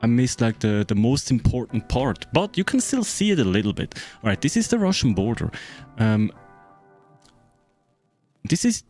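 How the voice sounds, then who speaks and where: This game streamer is a German man, a native German speaker with a German accent, whose voice is lowish and a little mellow. He's casually explaining a map to friends, full of fillers, swearing, and repeated "right?" checks.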